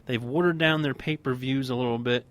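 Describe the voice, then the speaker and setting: A man's voice: medium pitch, fairly even intonation, a little fast. A man co-hosting a casual wrestling podcast, talking in a heated, emphatic rant. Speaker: podcast co-host.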